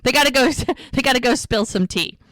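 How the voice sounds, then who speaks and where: A woman's voice: sits high, animated, brisk, a bit bright, dry recording. A woman co-hosting a podcast, retelling scenes in a chatty, gushing way with lots of "she goes.". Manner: chatty and gushing, with light laughs. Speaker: podcast co-host. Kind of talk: casual recap chat.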